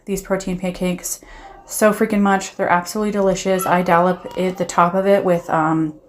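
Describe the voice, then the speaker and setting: Female vlogger, casual voiceover, slightly low-pitched, chatty and gushing, lots of "um"s. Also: flat delivery, moderate pace, a little hiss or hum. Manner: chatty, many "um"s, upbeat and gushing. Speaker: food vlogger. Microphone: voiceover recorded while editing.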